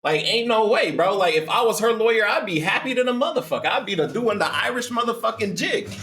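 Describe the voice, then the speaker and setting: A man hosts a reaction video with a fairly high voice and a loose, excitable delivery. He swears freely and laughs between points. The room around him has a noticeable echo. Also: fast talker. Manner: excitable, profane, laughing banter. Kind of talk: casual reaction commentary.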